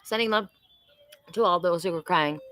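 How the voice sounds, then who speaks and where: Woman in her sixties, bright, forceful voice, chatty live-stream host, dry close sound. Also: lowish voice, normal speed, no room sound, soft background music. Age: 60s. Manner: effusive, chatty, talks to viewers by name. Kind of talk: live-stream oracle reading and chat.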